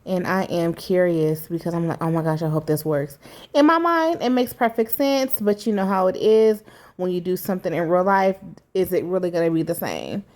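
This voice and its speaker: A woman with a fairly low voice talks through a home repair project in a relaxed vlog. She is middle-aged, candid and chatty, and her talk is full of fillers and asides to viewers. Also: normal speed. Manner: candid, chatty, with many fillers and "you know"s. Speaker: vlogger. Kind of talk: casual DIY vlog narration.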